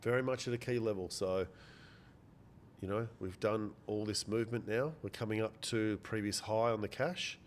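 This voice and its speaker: A man's voice: lowish voice, normal speed, slight background noise. A man hosting a live trading stream, chatting casually, repeating phrases and answering viewers by name. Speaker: day trading livestream host.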